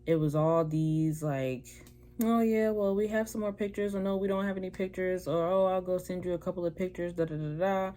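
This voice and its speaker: In a brisk, chatty vlog, a young woman recounts a personal story and performs people's lines in different voices. Her voice sits on the low side, warm in tone, with fairly even intonation.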